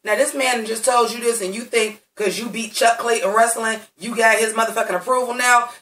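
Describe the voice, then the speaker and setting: A man with a bright, sharp-edged voice tears through a TV episode recap, cursing freely and speaking straight to his audience. He sits back from the mic, and the room around him rings with echo. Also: extremely high pitch, steady tone, brisk, distant mic. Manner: blunt and heavily cursing, talks straight to viewers. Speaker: TV recap reviewer. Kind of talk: profane, sassy episode recap.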